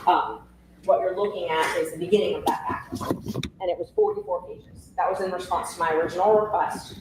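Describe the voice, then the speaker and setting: A woman's voice: lowish voice, fairly even intonation, brisk. A woman questioning a witness in court, persistent and rephrasing her questions. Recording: echoey room audio from far off, faint hiss.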